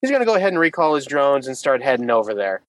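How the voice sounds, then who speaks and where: A man's voice: mid-range voice, very animated, rapid-fire, poor audio. A man playing a tabletop role-playing game, thinking aloud and describing what his character does. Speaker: player.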